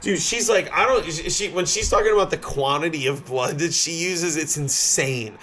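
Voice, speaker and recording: Podcast co-host, man, a bit high-pitched, rambling and swearing through a story. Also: normal speed, fairly bright tone, faint music behind. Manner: rambling, profane, laughing storyteller. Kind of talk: casual comedic chat.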